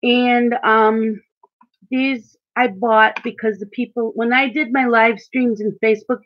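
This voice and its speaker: A woman's voice: fairly high pitch, steady tone, a little slow, muffled recording. A woman hosting a live stream while she colors, chatting casually with viewers and reading out their comments. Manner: chatty, reads out and answers viewer chat. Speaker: coloring channel host.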